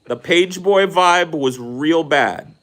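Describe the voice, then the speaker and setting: A man's voice: a little high, takes it slowly, a bit bright. A man hosting a podcast, telling a rambling, profane story in casual chat. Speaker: podcast host.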